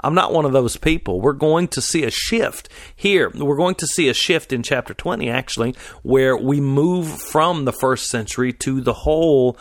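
A man's voice: medium pitch, moderate pace, few pauses, no room sound, studio quality. A man teaching through a Bible passage, talking in a loose conversational way with many fillers and restarts as he reads and explains. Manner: conversational, frequent fillers and restarts while reading scripture aloud. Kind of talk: sermon-style Bible teaching.

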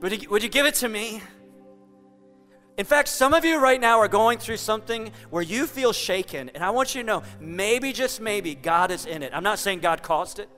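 Pastor, male, high and bright tone, conversational sermon delivery, long hall reverb, light music underneath. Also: lively intonation, normal speed, few pauses. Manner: earnest, conversational, emphatic.

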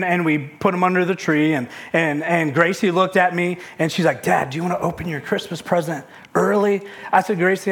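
A man's voice: high-pitched, fairly bright tone. A man in his thirties preaching a sermon, telling a family story with quoted dialogue and often repeating words when he gets going. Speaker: pastor.

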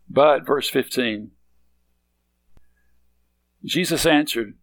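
A man's voice: medium pitch, expressive, slow pace, long pauses, rough recording. A man preaching a sermon, reading scripture and then explaining it emphatically, often checking in with his listeners. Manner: emphatic, repeats points, frequent "okay?".

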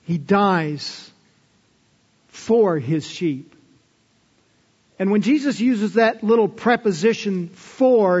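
A man with a high voice preaches slowly, letting each phrase ring out. The sound is dull and carries a long hall reverb. He swings from bold, emphatic lines down to near-whispered asides. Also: lively intonation. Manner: swings between loud emphatic declaration and hushed tender asides. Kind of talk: sermon.

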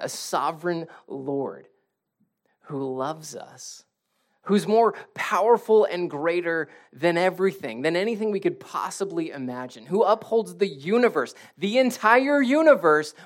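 A man in his thirties preaching a sermon as pastor, talking casually and animatedly, sometimes dropping to a hush. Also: high-pitched, unhurried. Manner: conversational and animated, with rising intensity and hushed moments.

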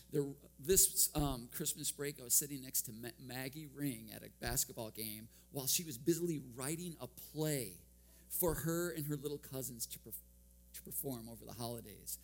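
A man gives a sermon in a slightly higher than usual voice. He keeps it conversational and funny at his own expense, and he chuckles often as he tells personal stories. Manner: humorous, self-deprecating storytelling with frequent chuckles. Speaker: guest preacher.

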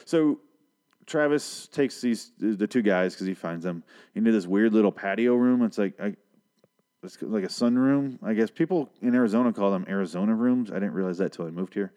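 A man's voice: lowish voice, normal speed, dark tone. A man hosting a casual talk show, rambling and swearing heavily as he recaps an episode and interrupts his own sentences. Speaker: podcast host recapping a TV episode. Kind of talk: casual profane chat.

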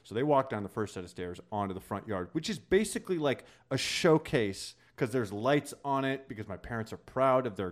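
A young man spins a story on a casual podcast, cursing a lot and jumping into loud outbursts when he quotes people. His pitch swings widely, from low mutters to high shouts. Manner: profane, animated, gets loud acting out quotes. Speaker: podcast host.

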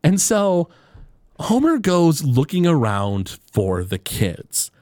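This man co-hosts a relaxed podcast, retelling an episode and dramatizing the quotes as he goes. His voice is on the high side and slow, recorded at studio quality without echo.

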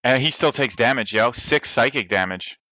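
A man's voice: medium pitch, moderate pace, sharp tone, no room sound. A man playing a tabletop game, chatting casually and joking with frequent laughter. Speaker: player. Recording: dull dry close mic.

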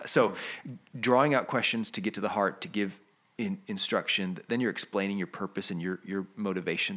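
A man's voice: lowish voice, fairly even intonation, a little fast, fairly bright tone. A man co-hosting a podcast, explaining his points steadily and walking through one question after another. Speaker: podcast co-host. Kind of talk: conversational podcast discussion.

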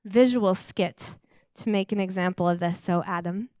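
A young woman preaches with earnest, heartfelt warmth, talking through a story as if to friends. Her voice is smooth and clear. The sound is close and dry, with no room echo. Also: mid-range voice, moderate pace. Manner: earnest, heartfelt, conversational with many fillers. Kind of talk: sermon with storytelling.

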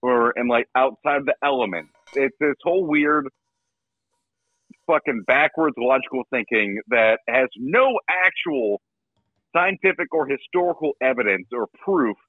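A man's voice: medium pitch, a little slow, no echo, narrow, tinny audio. A man co-hosting a podcast, chatting casually and profanely about a movie, joking and riffing as he goes. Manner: profane, joking, riffs in silly voices. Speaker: podcast co-host. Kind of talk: casual movie-review chat.

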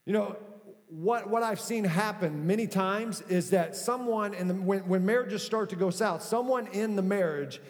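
Casting: middle-aged man, pastor, lively conversational sermon, higher-pitched voice, reverb of a big hall. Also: moderate pace. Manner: conversational, animated preaching with acted-out quotes.

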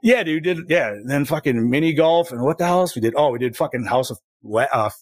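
A man's voice: mid-range voice, animated, fairly quick, no echo. Laid-back swearing man, dry sound. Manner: laid-back, swears a lot, calls people dude. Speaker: podcast co-host. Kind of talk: casual profane chat. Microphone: streaming setup with ring light.

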